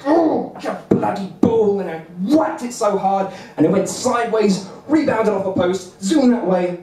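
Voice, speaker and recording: A young man with a high, darkish voice performs a bumbling, self-deprecating stand-up set on a comedy club stage, chuckling between lines. The mic sits at a distance in the roomy venue.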